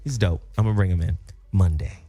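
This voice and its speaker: Joking low-voiced male radio host. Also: fast talker, dark tone, husky, no echo, soft background music. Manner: loose, profane and joking. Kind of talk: casual radio talk show.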